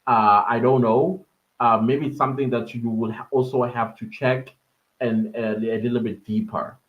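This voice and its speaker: South african guy chatting on a live stream, laughs a lot, mid pitch, kinda dull lo-fi sound. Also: fairly even intonation, normal speed. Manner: chatty, laughs often, many fillers. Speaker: podcast host answering live chat. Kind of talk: casual live-stream chat.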